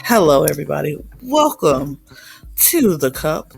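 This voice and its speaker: A woman's voice: on the low side, lively intonation, measured pace, creaky, a little mellow, soft background music. A woman hosting a podcast in a sassy, playful diva manner. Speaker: podcast host. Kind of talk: casual chat.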